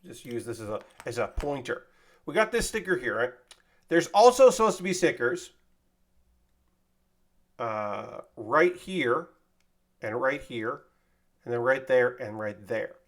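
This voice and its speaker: A man's voice: mid-range voice, animated, a little slow, long pauses. A man chatting casually on a livestream while building a model kit, thanking viewers by name and joking to himself. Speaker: streamer building model kits.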